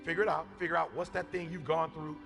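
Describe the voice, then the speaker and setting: A man preaching an impassioned motivational sermon, shouting, repeating phrases and calling on his listeners. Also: fairly high pitch, little pitch movement, fast, creaky. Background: background music.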